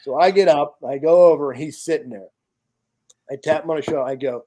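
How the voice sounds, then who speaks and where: An American man, a charity founder appearing as a podcast guest, talks casually and bluntly in a voice a touch high for a man. He swears freely, speaks fairly quickly, and energetically acts out bits of his own story.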